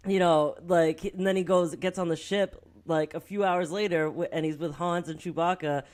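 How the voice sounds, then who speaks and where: A woman's voice: lowish voice, fairly even intonation, moderate pace, darkish tone. A young woman co-hosts a casual movie podcast and tells scenes back in a loose, rambling way. She leans on "like" constantly, swears freely, and keeps laughing at her own retellings. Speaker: podcast co-host. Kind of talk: casual movie-review chat.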